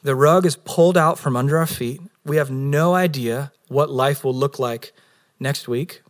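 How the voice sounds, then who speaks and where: Male pastor, sermon delivery, earnest and heartfelt, middle-pitched voice, swings between emphatic and hushed. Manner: earnest, rises for emphasis and drops low and slow on key words. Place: San Diego.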